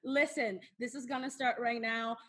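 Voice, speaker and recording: A woman co-hosting a casual wrestling podcast, animated and gushing, switching between English and Spanish. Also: a little high, moderate pace, background noise. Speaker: podcast co-host.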